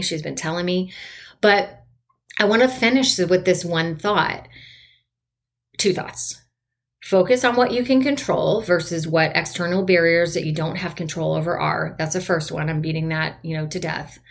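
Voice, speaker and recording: A woman in her forties, a coach hosting her own podcast, talking to listeners in an upbeat, enthusiastic, chatty way. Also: on the low side. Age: 40s. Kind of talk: solo motivational podcast talk.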